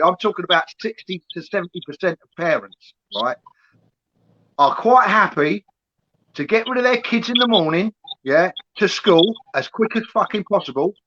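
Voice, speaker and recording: A middle-aged man, high and bright in the voice, rants bluntly and swears freely. The sound is dull and lo-fi, with a faint hiss underneath. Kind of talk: casual podcast chat.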